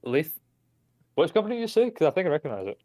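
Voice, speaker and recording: A man's voice: fairly high pitch, very animated, quick pace, darkish tone, no echo. A young man, a British streamer rambling profanely in casual chat and laughing at his own jokes. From Britain.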